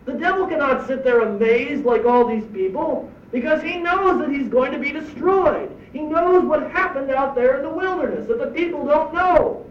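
An emphatic male pastor delivering a sermon, full of rhetorical questions, in a notably high voice. He sounds distant and a little muffled, with a roomy echo and faint background noise. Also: moderate pace, few pauses. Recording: echoey distant dull church recording.

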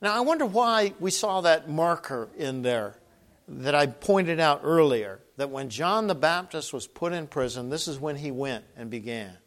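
High-voiced man preaching earnestly. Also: expressive, fairly bright tone. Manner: earnest preaching, rising to emphatic calls; rhetorical questions with long pauses. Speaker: pastor. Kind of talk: sermon.

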